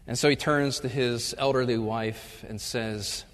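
A male professor giving a humorous chapel talk, telling stories and acting out the jokes in loud voices. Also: mid-range voice, fairly even intonation, measured pace. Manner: storytelling, acts out jokes with loud shouted voices. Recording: long reverb of a large hall.

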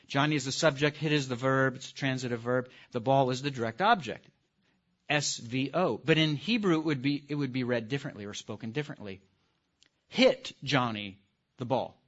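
A man teaching a live class in a lively lecture, putting questions to the audience and stressing key words. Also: mid-range voice, brisk. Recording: dull lo-fi recording.

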